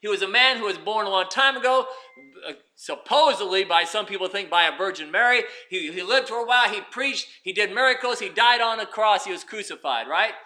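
A man preaching with a very high, piercingly bright voice. He swings from ringing emphasis down to near-whispered asides as he addresses the congregation. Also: animated, fairly quick. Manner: preaching with swings from loud to hushed. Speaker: pastor. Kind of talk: sermon.

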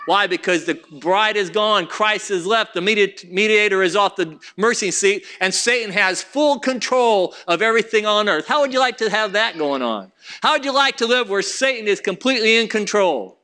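Bright-voiced preacher reading scripture. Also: male voice, expressive. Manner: reads King James scripture in measured cadence, drops to soft low asides.

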